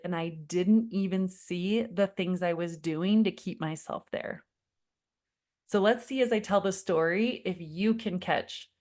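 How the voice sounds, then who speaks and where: A woman parenting coach in her thirties leads a live online workshop in a slightly low voice. She speaks frankly and confidingly, calls her listeners friend, and shares her own mistakes. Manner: warm, confiding storyteller who addresses viewers as friend; acts out her own past pleading in quoted lines.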